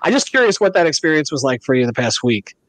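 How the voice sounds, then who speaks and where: A man's voice: on the high side, very animated, quick pace, fairly bright tone, no echo. A man hosting a casual podcast interview, asking long, rambling questions with stammering restarts. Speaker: podcast host.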